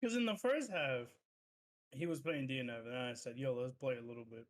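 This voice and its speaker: A man co-hosting a podcast in casual chat, telling animated stories full of swearing and loudly acted-out quotes. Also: mid-range voice, fairly quick. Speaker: podcast co-host.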